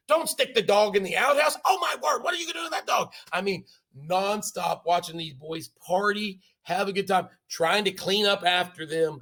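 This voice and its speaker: Animated, jokey male teacher. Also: a little high. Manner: animated, jokey, makes sound effects. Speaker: history teacher. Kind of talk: classroom lecture storytelling.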